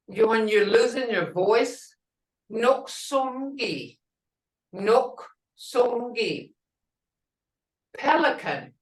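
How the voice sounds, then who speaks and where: A middle-aged woman teaching a language class, saying each word slowly and repeating it for her learners. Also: mid-range voice, echoey room, distant mic, rough recording.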